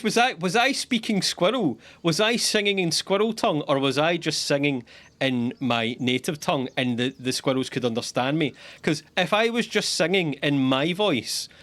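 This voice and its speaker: A Scottish man giving jokey, animated commentary while streaming a game. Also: on the high side. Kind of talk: gameplay commentary.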